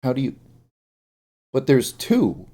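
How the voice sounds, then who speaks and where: A man's voice: mid-range voice, wildly swooping pitch, slow, mellow. A sleepy man streaming as a game developer, muttering to himself while he works and throwing in jokey asides. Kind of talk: live-stream coding commentary.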